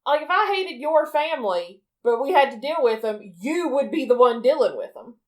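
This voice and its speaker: A woman's voice: high voice, big pitch swings, moderate pace. A woman in her thirties co-hosting a movie podcast, chatting casually in a blunt, swearing, incredulous way. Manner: blunt, profane, incredulous questioning. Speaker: podcast co-host. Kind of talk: casual movie discussion chat.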